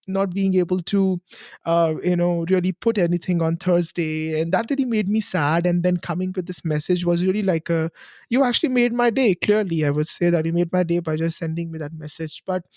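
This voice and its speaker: A man's voice: high-pitched, steady tone, fairly quick, a little mellow, no echo, studio quality. A man from India hosting a podcast, telling a long story in a loose, rambling way with frequent restarts and repeated phrases. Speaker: podcast host. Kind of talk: casual conversational interview.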